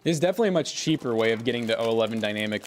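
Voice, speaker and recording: Young male streamer, relaxed rambling chat, faint noise behind. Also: mid-range voice, very fast. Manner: relaxed, rambling, answers chat while working. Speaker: PC builder livestream host. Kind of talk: casual livestream chat.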